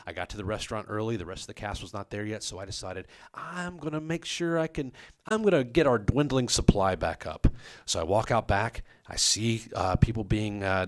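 A man telling a comic personal story on a podcast, animated and self-mocking, with his voice leaping up on quoted lines. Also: fairly low pitch, brisk. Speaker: comedic storyteller.

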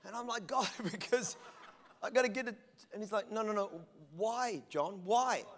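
A middle-aged male pastor preaches a sermon in a high-pitched, fairly bright voice at a moderate pace. He tells funny stories and acts out bits of dialogue, and a long church hall reverb trails his words.

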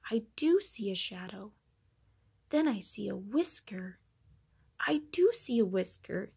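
Lady doing a kids read-aloud, slow and gravelly, lots of playful sound effects. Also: mid-range voice. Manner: animated, acting out sound effects. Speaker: storybook reader.

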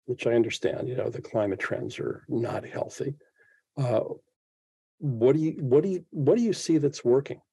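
A man in his seventies, a guest on a podcast, reflects aloud during an interview, often restarting his thoughts. His medium-pitched voice is gravelly and warm with a breathy edge, at a normal speed, with no echo.

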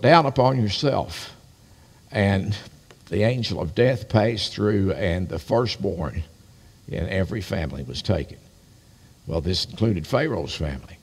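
An older pastor with a low, slightly rough voice preaches in a folksy, storytelling style, dropping in friendly asides. The sermon is live-streamed from a church sanctuary, with long reverb on the recording.

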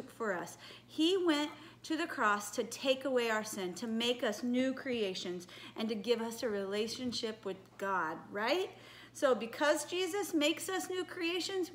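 A woman leading a children's church message, telling a Bible story in an animated way and coaxing the children with questions. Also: sits high. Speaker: children's ministry leader.

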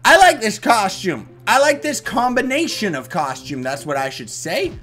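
A young man hosts a game playthrough, joking around in a lively voice that swings up and down. His tone is bright and forceful. Faint game music plays behind him. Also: high-pitched, normal speed. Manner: playful, goofy, shifts into silly character voices and shouts. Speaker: let's play host. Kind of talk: energetic game commentary.

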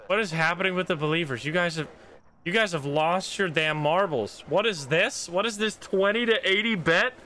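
Man, game streamer, live commentary, excitable, swears a lot, bright tone. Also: sits high, normal speed, slight background noise. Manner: excitable, swears and laughs at his own mishaps. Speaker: streamer playing a ghost-hunting game.

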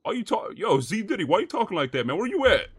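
A man roleplaying a gang member in a crime game, frantic and swearing, repeating himself as he yells for help. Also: high voice, sing-song, fast, a little hiss or hum. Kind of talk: in-character GTA roleplay.

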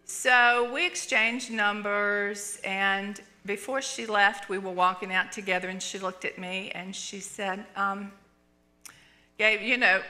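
An older woman teaching in church, telling a personal story in an animated way, acting out what people said. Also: medium pitch. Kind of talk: storytelling sermon. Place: church sanctuary.

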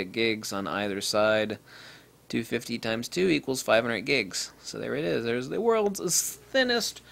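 A man giving an off-the-cuff repair tutorial, blunt and profane, ranting and mimicking people in high-pitched quotes. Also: creaky, a bit bright. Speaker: DIY repair presenter.

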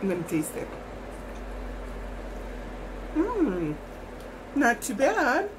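Slow, chatty woman cooking at home. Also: sits high, huge pitch swings, noisy background. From Hawaii. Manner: rambling, chatty, tastes and snacks while talking. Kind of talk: casual cooking chat. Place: home kitchen.

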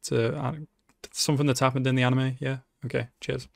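A man's voice: medium pitch, level tone, fairly quick, gravelly, no echo, studio quality. A man giving emotional live reaction commentary on an anime, swearing freely and talking back to the screen. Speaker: anime reaction channel host.

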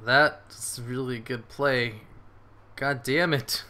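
A man giving excitable live commentary on his game, swearing and cheering his moves as he plays. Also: mid-range voice, extremely slow. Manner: excitable, swears, laughs often. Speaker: gaming streamer.

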